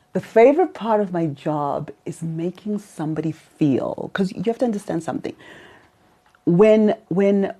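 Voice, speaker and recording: A woman's voice: fairly low pitch, dark tone, breathy edge. A woman, a make-up artist guest in an interview, explaining her work emphatically and with conviction. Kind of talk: interview conversation.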